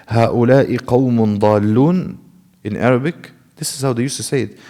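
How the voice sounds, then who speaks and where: A man lecturing a class on Quran recitation. His voice sits at a medium pitch. He asks questions and answers them himself, and he stretches out Arabic sounds slowly to demonstrate them. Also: darkish tone.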